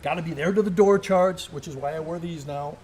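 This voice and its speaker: At an indoor gun shop event, a middle-aged military veteran gives a live interview, spinning animated stories with vivid play-by-play. His voice is a little high and fairly quick, with slight background noise.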